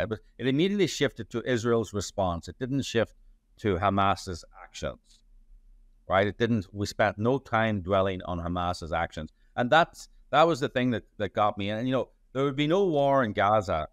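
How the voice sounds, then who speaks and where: Low-voiced man, rambling. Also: expressive, moderate pace, no room sound, studio quality. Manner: rambling with frequent restarts and fillers. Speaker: journalist and playwright. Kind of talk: conversational interview answers.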